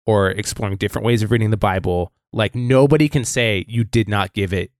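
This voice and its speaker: A man's voice: fairly low pitch, fairly quick, no room sound, clean studio sound. A man co-hosting a podcast in casual chat, upbeat and supportive, laughing often and saying "like" a lot. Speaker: podcast co-host.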